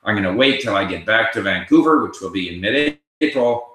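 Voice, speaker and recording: Older male host answering viewer questions live; forceful, bright tone. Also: on the low side, expressive, fairly quick. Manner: reads viewer questions aloud and answers conversationally. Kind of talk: casual livestream Q&A. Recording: very echoey room.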